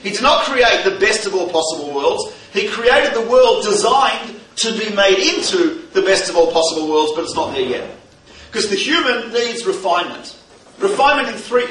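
A man giving a religious lecture, an animated storyteller who mixes in jokes. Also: sits high. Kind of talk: lively teaching lecture with stories and jokes. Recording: roomy, distant mic, faint background noise.

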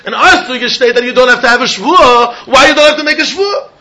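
Man, Talmud lesson, sing-song, repeats points, high-pitched. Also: fairly quick, pushed and bright. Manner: sing-song, repeats key points, mixes in Hebrew and Yiddish terms. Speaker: Talmud teacher.

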